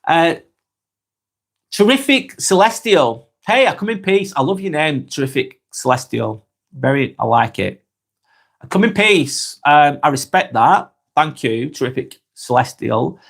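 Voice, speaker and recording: Speaking with a Lancashire accent from northwest England, this man reads viewer comments aloud on a live stream and muses calmly, often repeating words and restarting. His gravelly voice sits on the high side, and he keeps a measured pace.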